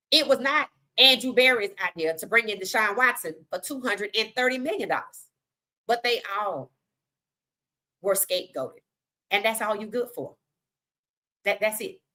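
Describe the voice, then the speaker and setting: A woman's voice: medium pitch, pushed and bright. A woman hosting a casual sports talk livestream, giving outspoken, colloquial opinions and greeting chat viewers. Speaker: podcast host.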